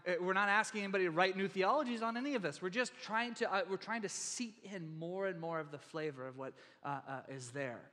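A man preaching a sermon to his church in a relaxed, conversational way, with many fillers and restarts. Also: high-pitched, fast, few pauses. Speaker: pastor. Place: church sanctuary. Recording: long hall reverb in a church.

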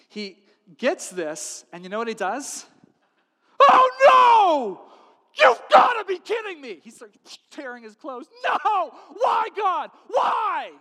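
Lively high-voiced pastor in a hall. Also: male voice. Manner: animated, acts out characters with funny voices. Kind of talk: comedic sermon storytelling.

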